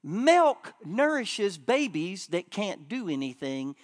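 A man preaching a sermon at a church conference, joking with the crowd and swinging between loud bursts and quiet asides. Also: high voice, sing-song, slow.

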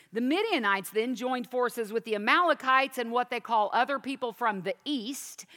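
A woman's voice: a little high, a bit bright, long reverb tail. A woman teaching a sermon, reading scripture aloud and then explaining it with questions to the listeners. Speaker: Bible teacher.

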